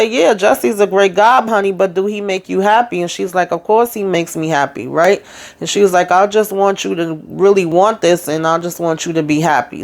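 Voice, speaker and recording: A woman hosting a casual TV episode recap, retelling scenes in a sassy, chatty way with asides to her viewers. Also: on the low side. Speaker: TV recap host.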